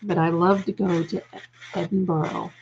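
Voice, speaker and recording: An American woman runs a casual live stream from home, reading comments and tenderly calling viewers darling. Her lowish voice is creaky, flat and darkish, and she speaks unhurriedly; the audio is dull with a little hiss or hum.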